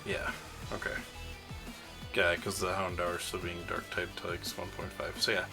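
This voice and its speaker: A man with a fairly low but bright, forceful voice narrates as game master. He rambles and laughs as he goes, slipping into side characters. Faint music runs underneath. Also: completely flat delivery, a little slow, creaky.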